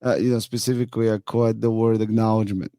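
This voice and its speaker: Man, gravelly voice, low pitch, dark tone, dry close sound, reflective host. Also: flat delivery, fast talker, no echo. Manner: reflective, tells stories from coaching kids. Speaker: podcast host and youth hockey coach. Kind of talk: conversational podcast interview.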